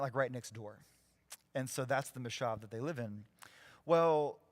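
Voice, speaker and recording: A man's voice: medium pitch, no room sound. A man preaching a live church sermon, telling a story with energy and acting out the people he quotes. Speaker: pastor.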